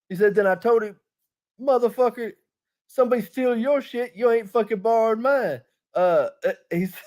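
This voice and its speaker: A podcast host with a high, slightly mellow voice spins a long, rambling, profane story in casual chat, laughing as he goes.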